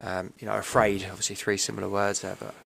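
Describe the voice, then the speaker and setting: A man's voice: lowish voice, level tone, fast talker, creaky, a bit bright, slightly rough. A man, telling his own story in a candid, emotional, rambling way, often asking "right?" and "you know". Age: 30s. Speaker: podcast guest.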